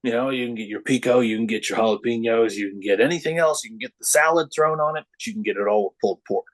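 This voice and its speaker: A man's voice: fast, rough recording. A middle-aged man, a wrestler guesting on a podcast, chatting casually and acting out the voices in his stories. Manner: storytelling, acts out quoted voices with lively pitch jumps. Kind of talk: casual chat.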